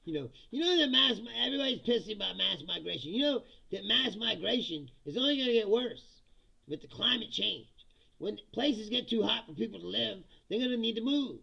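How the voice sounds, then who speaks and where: Gravelly, animated man ranting on a stream. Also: sits high, brisk, muffled recording. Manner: laughs often, profane, reads chat comments aloud and answers. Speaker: livestream host reading chat. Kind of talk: casual ranting political comedy stream.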